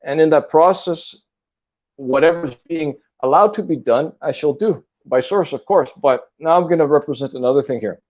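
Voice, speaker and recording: A man's voice: fairly high pitch, moderate pace, darkish tone, lo-fi sound. A man in casual spiritual talk, speaking in an earnest, repetitive, lecturing way. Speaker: guest on a spiritual talk stream.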